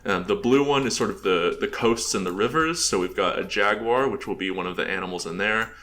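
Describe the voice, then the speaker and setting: An American man with a lowish voice talks through a presentation in a loose, casual way. He rambles, leans on filler words and chuckles between points. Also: brisk, a bit bright, a little hiss or hum. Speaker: presenter showing his game build.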